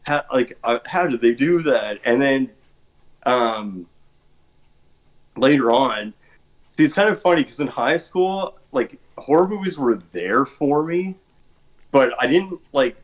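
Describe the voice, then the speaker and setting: A man's voice: medium pitch, expressive, takes it slowly, pauses often, rough recording. Rambling man in casual chat. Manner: rambling, many fillers like "like" and "or whatever".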